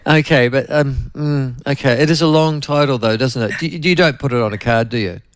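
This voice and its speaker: A man's voice: mid-range voice, brisk, no echo. A man with a New Zealand accent hosting a radio talk show, chatting in a rambling, anecdotal way and often turning to his co-host.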